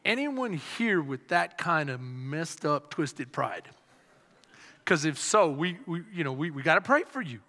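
A male pastor preaching a sermon with animated delivery, repeated refrains and call-and-response. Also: fairly high pitch, a little slow. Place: church sanctuary. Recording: long hall reverb.

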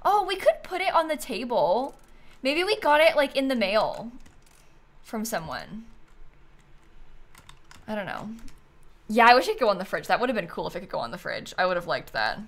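A woman livestreams a game, chatting casually with her chat and musing aloud while she decorates, so sleepy she keeps yawning. Her voice is a little high and very animated, at a moderate pace with long pauses.

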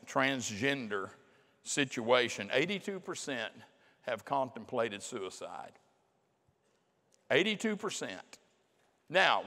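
A middle-aged man preaching a sermon in a folksy, emphatic way, slowing down to drive his points home. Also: mid-range voice, fairly bright tone. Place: large church hall. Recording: long hall reverb.

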